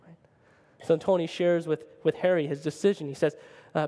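Male pastor, sermon storytelling, animated and chatty, somewhat high voice, long church-hall reverb. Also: moderate pace. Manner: animated, conversational, keeps asking "right?".

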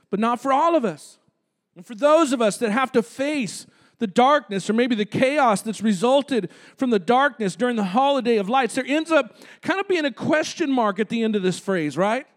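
A male pastor preaching a conversational sermon in a church, calling out to the congregation. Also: extremely high pitch. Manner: conversational preaching with audience call-outs. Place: church sanctuary.

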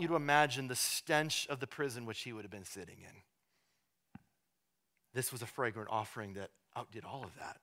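During his sermon, a male pastor swings from hushed, slow emphasis to loud, high-pitched fervor. He often repeats words as he restarts.

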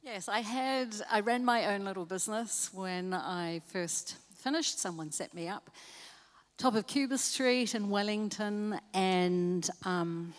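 A woman's voice: mid-range voice, takes it slowly. Reflective New woman guest. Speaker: panel guest. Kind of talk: on-stage panel interview. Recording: hall reverb.

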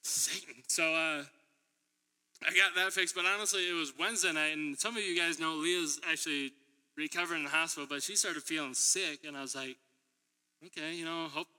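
This preacher, who also teaches middle school, speaks in a fairly high, bright, forceful voice at a brisk clip, his intonation fairly even. He's giving a sermon in a church hall, spinning chatty stories, laughing a lot and acting out people's words. Long reverb from the hall fills the recording.

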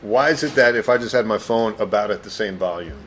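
Man, podcast host, laid-back, laughs easily, lowish voice, faint hiss. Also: quick pace, fairly bright tone. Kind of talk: casual chat.

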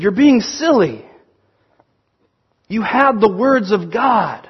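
A man preaching a sermon, telling stories in an animated way and acting out the quotes. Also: sits high, slow pace, slightly rough, highs cut off. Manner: animated storytelling, acts out quotes. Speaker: pastor.

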